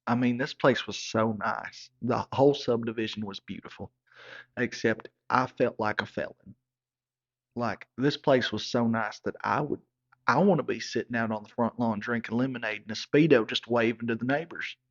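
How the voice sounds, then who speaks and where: A man tells a comic story in a folksy, deadpan way. His voice sits at an ordinary middle pitch. The recording is a bit dull and lo-fi. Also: normal speed. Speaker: comedic storyteller. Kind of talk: comedic character monologue. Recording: slightly dull lo-fi sound.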